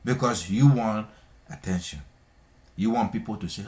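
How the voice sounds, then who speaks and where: A man's voice: lowish voice, moderate pace, pauses often, darkish tone. A man hosting a live stream, scolding people in an impassioned monologue, repeating himself and hammering his points. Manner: scolding, repetitive, emphatic.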